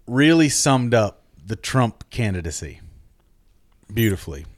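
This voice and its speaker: A man hosts a casual podcast chat, his pitch swinging widely as he jokes and swears freely. His mid-range voice sounds close and dry, with no room around it. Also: unhurried, dry recording. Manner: animated, jokey, swears freely. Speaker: podcast host.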